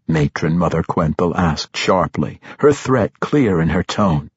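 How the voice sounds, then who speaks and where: A man narrating a fantasy audiobook in a steady, measured storytelling voice. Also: sits low, husky, no echo, muffled recording.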